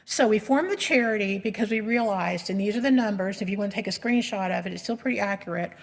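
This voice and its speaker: A woman's voice: mid-range voice, fast talker. A middle-aged woman telling her story as a patient advocate in an earnest, emotional way, with frequent restarts. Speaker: patient advocate giving a presentation. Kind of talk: personal storytelling presentation. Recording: long reverb of a lecture hall.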